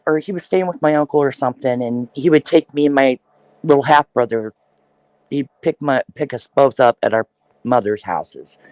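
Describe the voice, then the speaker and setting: Brief: woman podcast host, casual storyteller, from Iowa, dry close sound, lively delivery. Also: low voice, no room sound, poor audio. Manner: animated storyteller, acts out quoted voices.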